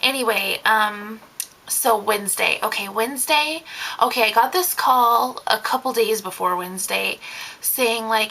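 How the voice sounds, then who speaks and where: A young woman chattily telling a babysitting story in a casual vlog, full of fillers and quoting people in a higher voice. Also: normal speed, creaky, sharp tone, low-quality recording. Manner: chatty, lots of fillers, acts out quotes in a higher voice. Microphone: camera mic.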